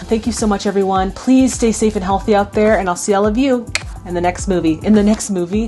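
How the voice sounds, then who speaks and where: An excitable young woman chatting about a film she just watched, full of "like"s and gushing praise. Her voice sits at an ordinary middle pitch, with faint music underneath. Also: a little fast. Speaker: host reacting to a classic film. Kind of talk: casual reaction commentary.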